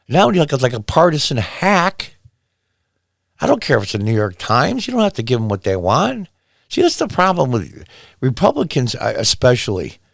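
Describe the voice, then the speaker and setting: A man hosts a solo commentary show, reading news items and breaking off into incredulous, sarcastic rants. His voice sits at an ordinary middle pitch. The sound is close and dry, with no room around it. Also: no echo. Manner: exasperated, sarcastic, incredulous outbursts. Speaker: political commentary host.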